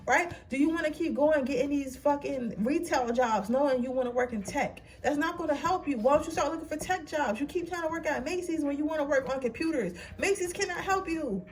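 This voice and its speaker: A young woman doing a casual tarot reading, giving a slangy, swearing pep talk while crying. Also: sits high. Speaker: tarot reader.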